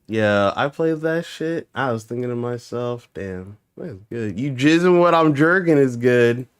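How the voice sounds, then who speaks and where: A man's voice: medium pitch, expressive, measured pace, few pauses, smooth. Young man rambling nonsense on stream. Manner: rambling, joking with made-up nonsense words. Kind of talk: casual livestream chat.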